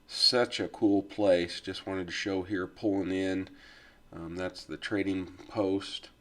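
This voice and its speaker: A man's voice: low-pitched, fairly even intonation, takes it slowly. A man narrating his own riding footage as a casual voice-over, easygoing and rambling with frequent fillers. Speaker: adventure riding vlogger.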